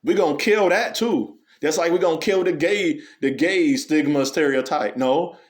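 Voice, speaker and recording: A man. He speaks an unscripted, preachy monologue, asking the listener question after question. He tells stories in an animated way. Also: fairly high pitch, normal speed. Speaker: commentary channel host.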